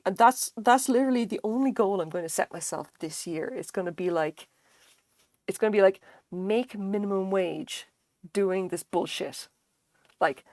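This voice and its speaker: A woman's voice: medium pitch, a little mellow, no echo. Rambling woman streamer chatting while crocheting. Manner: rambling, fillers, swears casually. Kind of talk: casual chat while crocheting.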